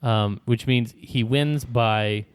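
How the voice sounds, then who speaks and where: A man's voice: medium pitch, slow pace, smooth, no echo. Dry-sounding man hosting a quiz. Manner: reads clues out, laughs often. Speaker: quiz host. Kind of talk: hosting a trivia game podcast.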